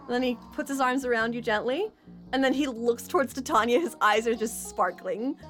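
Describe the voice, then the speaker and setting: A woman game master narrating a tabletop role-play, animated and giggly, with lots of fillers. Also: a little high, a little fast, music in the background.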